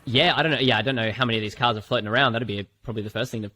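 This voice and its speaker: An Australian man hosting a casual podcast chat, rambling and animated with lots of fillers and swearing. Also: mid-range voice, rapid-fire, background noise. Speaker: filmmaker and podcast host.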